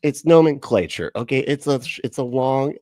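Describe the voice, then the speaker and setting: A man's voice: fairly low pitch, brisk, a little mellow, no room sound, clean studio sound. Joking, profane livestream host, man. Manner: joking, profane, rambling, chatting with viewers. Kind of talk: casual livestream chat.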